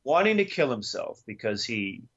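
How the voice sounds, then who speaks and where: A man's voice: medium pitch, normal speed, highs cut off. A man co-hosting a podcast in casual chat, ranting and retelling a story with frequent swearing. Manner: profane, ranting, animated retelling. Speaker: podcast co-host.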